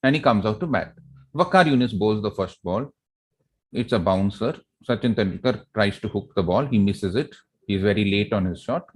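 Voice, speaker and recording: An Indian man lectures students and spins his story with energy. His voice sits a little low, and he often checks with the room whether they agree. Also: breathy edge. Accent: Indian English. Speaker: professor giving a leadership talk.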